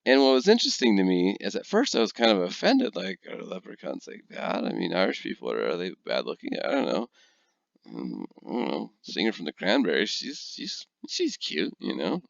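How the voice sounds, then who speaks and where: A man teaching a recorded lecture, telling stories in an animated way and often checking in with his listeners. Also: low-pitched, a little fast, vocal fry, no echo. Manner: animated storyteller, checks in with "okay?". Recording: dull lo-fi dry recording.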